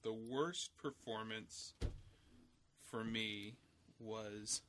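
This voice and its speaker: A man's voice: on the low side, steady tone, very slow, background noise. A man co-hosting a casual movie review chat, easygoing and a little hesitant when giving his picks. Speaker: co-host.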